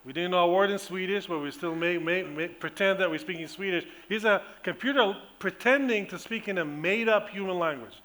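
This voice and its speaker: A man speaks from a conference stage with a bright, forceful tone, explaining his subject eagerly. His voice sits a little high, and he often stops to restart a phrase or fill a gap with "uh". It sounds like a keynote heard through the hall's microphone. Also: brisk, hardly any pauses. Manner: enthusiastic explainer with frequent ums and restarts. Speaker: engineering professor giving a conference talk.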